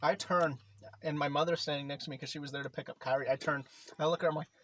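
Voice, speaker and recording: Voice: medium pitch, steady tone, fast talker, a bit bright, a little hiss or hum. A teenager in a casual podcast chat, rambling through stories, swearing freely and laughing often. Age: late teens. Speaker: podcast co-host.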